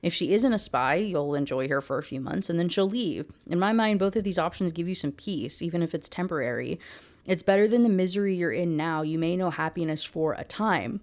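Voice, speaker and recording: A woman voicing a sarcastic, teasing alien sister who speaks with dry calm. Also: fairly low pitch, fairly quick, natural voice. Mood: advising.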